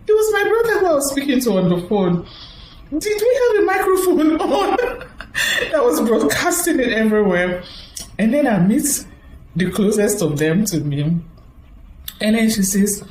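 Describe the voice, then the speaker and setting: A woman's voice: on the high side, very animated, a little slow, a little mellow, echoey room, a little hiss or hum, low-quality recording. A woman giving a storytelling talk to an audience as a motivational speaker. She chats along and acts out the voices of the people she quotes.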